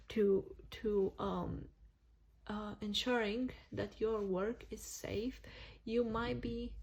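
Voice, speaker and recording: Breathy woman chatting through a tarot reading. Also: medium pitch, darkish tone. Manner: chatty, self-correcting, laughs often. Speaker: tarot reader. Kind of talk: casual tarot reading to camera.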